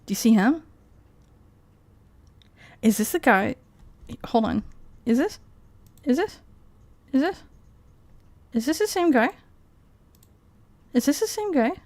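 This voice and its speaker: A woman's voice: sits high, big pitch swings, measured pace, long pauses. A woman streamer in casual live-stream commentary, rambling and profane, laughing often as she talks.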